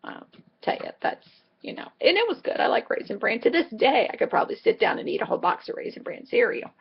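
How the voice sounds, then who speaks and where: Rambling vlog lady, kinda husky, dull lo-fi audio. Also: lowish voice. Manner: rambling, chatty storytelling with asides. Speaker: vlogger. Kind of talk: casual chat.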